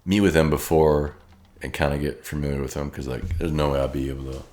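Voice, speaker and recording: A man's voice: a bass voice, flat delivery, fast, a little mellow, slight background noise. A man hosting a casual podcast chat, laid-back and rambling, often leaning on "like". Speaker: podcast host.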